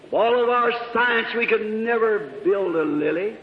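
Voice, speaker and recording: High, fervent man preaching in a hall. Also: normal speed. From Indiana, USA. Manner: fervent storytelling, rising to shouts. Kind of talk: sermon. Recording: echoey hall, dull old recording.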